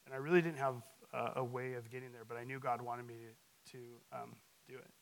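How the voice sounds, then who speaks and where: A man's voice: mid-range voice, steady tone, vocal fry, poor audio. A man giving a conversational sermon as a guest teacher, reading scripture with added emphasis, full of restarts and fillers. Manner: casual, halting, with frequent restarts and fillers; adds emphasis to scripture and acts out quotes.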